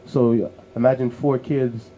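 A man from New York City, co-hosting a casual podcast conversation and telling family stories in a lively, animated way. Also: medium pitch, slow, lo-fi sound, a little hiss or hum. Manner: lively storyteller who acts out family voices. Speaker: co-host.

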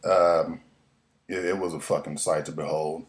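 A man giving a casual, profane, excitable recap of a TV episode, rambling with lots of fillers and restarts. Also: a bass voice, unhurried. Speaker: podcast host recapping a TV episode.

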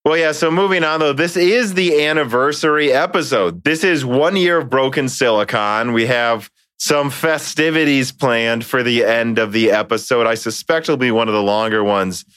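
A man's voice: mid-range voice, normal speed, few pauses, clean tone, no echo, clean studio sound. A man hosting a podcast, chatting casually and telling jokes. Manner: joking, animated storyteller. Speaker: podcast host. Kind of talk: casual chat.

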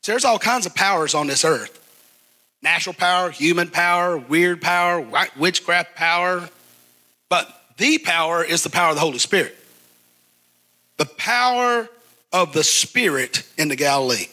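A preacher, a man, delivers his sermon in a high, ringing voice. His tone is bright and forceful, and he draws the congregation into call and response. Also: moderate pace. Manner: call-and-response preaching, asks the crowd to repeat. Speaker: pastor.

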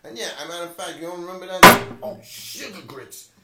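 A man's voice: high-pitched, animated, a little fast. A man in his thirties co-hosting a casual podcast chat, loose, joking and profane. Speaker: podcast co-host. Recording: echoey room with faint hiss.

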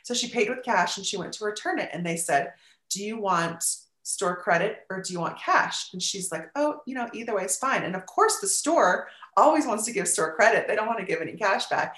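A talkative woman in her forties speaks earnestly as a guest, her voice at a middling pitch. The sound is roomy, with echo around her. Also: animated, brisk, a bit bright. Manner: earnest, talkative, many "you know" fillers. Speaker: podcast guest, parenting advice. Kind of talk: casual conversation. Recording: echoey room.

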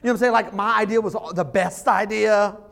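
A middle-aged male pastor preaching a sermon in a church service, telling stories with restarts and swinging between loud, excited bursts and quiet, earnest emphasis. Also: high-pitched, brisk, gravelly.

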